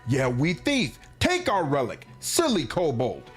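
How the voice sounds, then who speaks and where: A man's voice: a little high, wildly swooping pitch, a little slow, soft background music. A man doing a wistful mite queen. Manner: simple broken speech, wistful.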